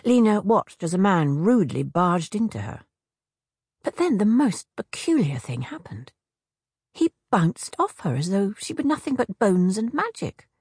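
A woman narrating a children's storybook with expressive reading and many character voices. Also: medium pitch, unhurried, slightly rough, dry recording, studio quality.

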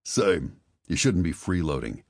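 A man reading an audiobook, voicing a blunt, protective man who speaks curtly and flatly. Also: low-pitched, measured pace, no room sound, clean studio sound, heavily acted. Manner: flat, curt. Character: blunt protective man, hard and flat-spoken. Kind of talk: audiobook character voice.

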